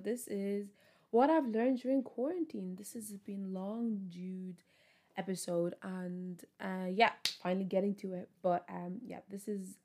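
A woman's voice: mid-range voice, darkish tone. A young woman hosting her own podcast, chatting casually and upbeat with lots of fillers despite sounding tired. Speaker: podcast host. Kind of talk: casual solo podcast chat.

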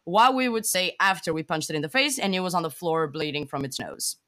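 A woman co-hosting a podcast, chatting casually and cracking teasing, deadpan jokes. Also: lowish voice, fairly quick. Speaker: podcast co-host. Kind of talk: casual chat.

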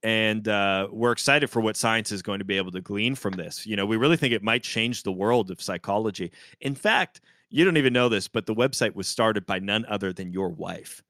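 A man hosting a casual podcast as a pastor, deadpan and playful in his joking. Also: on the low side, fairly quick, hardly any pauses, no room sound, clean studio sound. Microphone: remote call.

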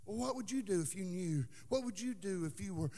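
A male pastor preaching a fervent sermon in a church, with a sing-song cadence that swings from hushed asides to shouting. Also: sits high, expressive, fairly quick, big-room sound. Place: church sanctuary.

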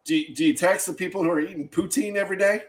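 A man's voice: sits high, steady tone, fast, poor audio. Blunt, disgusted talk show man. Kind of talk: political talk show chat.

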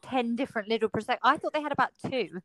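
A woman's voice: a little high, quick pace, bright, forceful tone, no room sound, poor audio. A woman co-hosting a podcast over a video call, chatty and teasing in casual chat. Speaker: podcast co-host.

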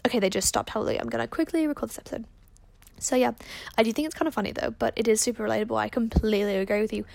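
A woman's voice: on the high side, very fast, gravelly, darkish tone, a little hiss or hum. A woman hosting a casual advice podcast, chatting in a rambling way with lots of fillers. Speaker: podcast host.

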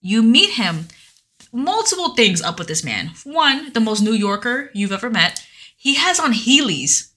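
Woman, podcast co-host, casual chat, animated, bright tone. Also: on the high side, a little slow. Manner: animated storytelling, many fillers.

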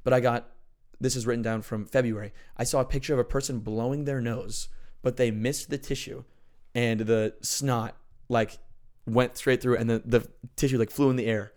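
A man in an easygoing faith conversation, talking earnestly in loose, rambling sentences full of restarts. His pitch sits in an ordinary middle range, and he gets loud and lively when a story excites him. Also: moderate pace.

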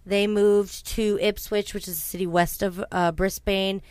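A woman's voice: mid-range voice, little pitch movement, a little slow, a little mellow, clear, resonant tone. A woman casually telling a true-crime story to a co-host, chatty and blunt, swearing freely, with frequent ums and asides. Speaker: podcast host.

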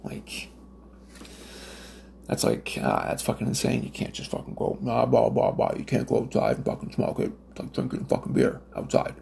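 Gravelly, swearing man ranting. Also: mid-range voice, huge pitch swings, moderate pace, mellow, a little hiss or hum. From Nova Scotia, Canada. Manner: profane, rambling, lots of fillers and restarts. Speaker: smoker telling stories. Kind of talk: casual ranting monologue.

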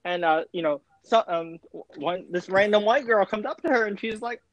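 A man with a notably high voice, talking in an eager, chatty way full of restarts and fillers. The sound is dry and a little dull, like a lo-fi home mic with no room around it. It is relaxed podcast chat. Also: normal speed, no echo. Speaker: podcast co-host. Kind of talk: casual chat reviewing a TV series.

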